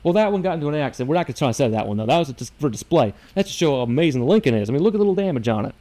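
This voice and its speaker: A man's voice: fairly high pitch, expressive, racing, warm tone, natural voice. A man from Minnesota voicing a folksy Texan car salesman with a put-on drawl, co-hosting a comedy podcast. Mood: salesman pitch. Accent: put-on Texas drawl. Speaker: podcast co-host.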